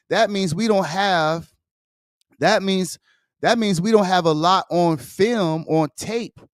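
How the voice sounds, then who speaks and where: A man's voice: high-pitched, no room sound, clean studio sound. A man hosting a podcast, ranting heatedly in a casual, profane, repetitive way. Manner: heated, profane, repeats himself. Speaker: podcast host. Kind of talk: casual sports rant.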